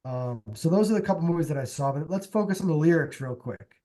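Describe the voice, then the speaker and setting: Young male podcast co-host, slightly high voice, loose and rambling, lots of "um"s. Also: quick pace. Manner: relaxed, rambling, many fillers. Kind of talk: casual chat.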